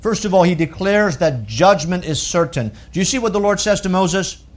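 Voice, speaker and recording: A man preaching a sermon, emphatic, asking rhetorical questions and slowing down on key phrases. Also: high-pitched, lively intonation.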